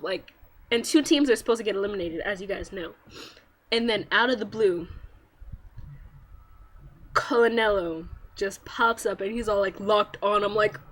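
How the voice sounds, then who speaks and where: A woman talking casually to her viewers in an excited fan rant, acting out quotes with big jumps in pitch and sudden squeals. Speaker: manga fan vlogger.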